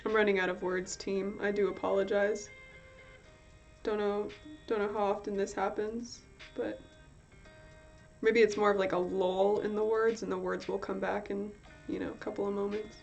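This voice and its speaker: A woman's voice: medium pitch, little pitch movement, normal speed, creaky. A woman chatting on a live art stream as she draws, rambling and poking fun at herself, sometimes sliding into joke accents and swearing freely. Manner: rambling and self-mocking, with frequent swearing; tries out playful put-on accents. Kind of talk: casual live-stream chat while drawing. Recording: slightly dull stream audio with soft music behind. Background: quiet chill-hop music.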